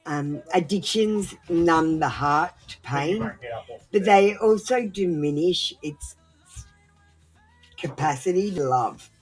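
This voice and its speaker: Unwell woman, low voice, blunt casual livestream chat, faint music bed. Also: husky. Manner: frank and blunt, swears freely, many fillers. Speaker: tarot reader on a livestream. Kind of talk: casual livestream advice talk.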